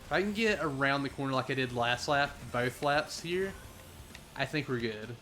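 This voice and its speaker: A young man commentating his own racing gameplay live, playful and jokey, getting excitable as he races. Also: medium pitch, moderate pace, soft background music. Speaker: gaming streamer.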